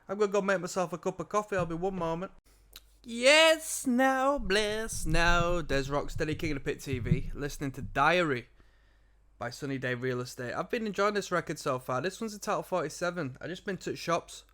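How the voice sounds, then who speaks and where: A tired man hosts an album reaction show, giving casual music commentary full of rambling asides. His voice is on the high side and fairly bright, and he talks fast.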